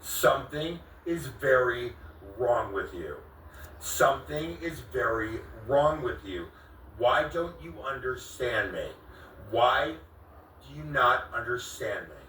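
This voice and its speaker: This vlogger's voice cracks as he pleads with a friend in a heated on-camera confrontation, exasperatedly repeating the same questions. Mid-range, expressive and sharp, he takes it slowly, recorded far from the mic in an echoey room with a little hiss or hum.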